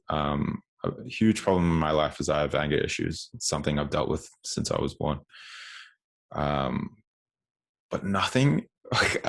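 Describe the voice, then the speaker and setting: Deep gravelly man in his twenties. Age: 20s. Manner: animated storytelling with frequent restarts and acted-out quotes. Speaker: podcast guest. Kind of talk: casual conversational storytelling.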